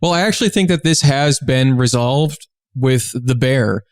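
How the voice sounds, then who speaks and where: A man's voice: mid-range voice, a little slow, no echo. A man co-hosts a casual podcast with a laid-back, teasing manner. His mid-range voice is recorded close and dry, with no room sound. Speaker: podcast co-host.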